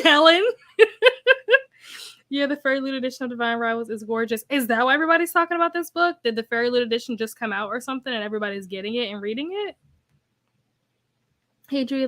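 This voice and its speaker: A woman's voice: a little high, fairly bright tone. A young woman hosting a casual livestream, chatting and reading viewer comments aloud, laughing often. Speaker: host.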